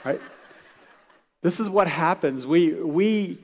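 A man's voice: a little high, takes it slowly, darkish tone. A middle-aged man preaching a sermon as pastor, conversational and anecdotal, with frequent fillers and restarts. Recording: long hall reverb.

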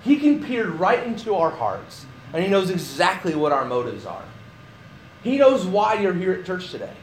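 A man's voice: sits high, big pitch swings, moderate pace, a little hiss or hum. A man preaching a conversational sermon in a church, restarting phrases and acting out quotes with animation. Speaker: pastor.

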